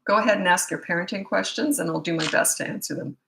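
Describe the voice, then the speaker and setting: A woman's voice: lowish voice, fast talker, gravelly, reverberant, background noise. A middle-aged woman parenting coach answering viewer questions in a casual live Q&A. She talks bluntly and loses her thread, and her voice is getting worn and tired. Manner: blunt, casual, loses track mid-thought. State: losing her voice.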